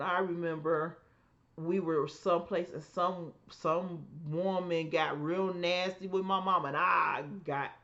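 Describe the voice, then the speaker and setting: A woman co-hosting a podcast, telling family stories in an emphatic, animated way and acting out the voices she quotes. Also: on the low side, lo-fi sound. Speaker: podcast co-host. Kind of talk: casual storytelling chat.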